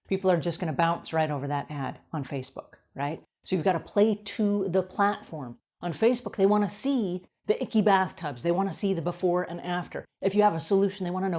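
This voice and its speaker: A woman's voice: on the low side, fairly quick, few pauses, darkish tone. A woman who coaches cleaning businesses, giving casual advice in a chatty, conversational way, often checking in with "right?". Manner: acts out quoted voices on the fly. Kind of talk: casual advice talk to camera.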